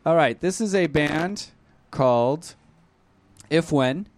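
A man's voice: fairly high pitch, expressive, slow pace, no room sound. A man co-hosting an internet radio show, chatting casually with a wry, easygoing manner. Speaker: radio co-host. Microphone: studio mic.

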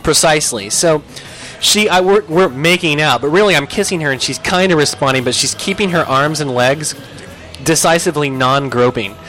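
A young man telling a comic story on a podcast, animated and profane, jumping into loud yelps when he acts out his own lines. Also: on the high side, normal speed, soft background music.

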